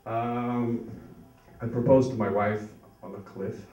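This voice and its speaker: A young man from Norway doing a stand-up set in a comedy club, nervous and halting with lots of fillers. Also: medium pitch, steady tone, warm tone, highs cut off. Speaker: stand-up comic. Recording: echoey club, mic heard from far. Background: audience laughter.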